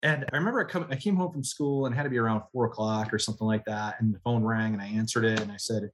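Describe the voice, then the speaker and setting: A man from the United States, an army veteran, telling stories from his past as a guest. He speaks at a medium pitch, with plenty of fillers, and he acts out the voices of the people in his stories. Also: fairly quick. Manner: animated storyteller, many fillers, acts out quoted voices. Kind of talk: conversational storytelling.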